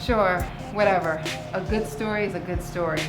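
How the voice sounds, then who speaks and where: An actress playing a skeptical, dry reporter questioning a story. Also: female voice, fairly low pitch, normal speed, loud music behind the voice, close to an everyday voice, rough recording.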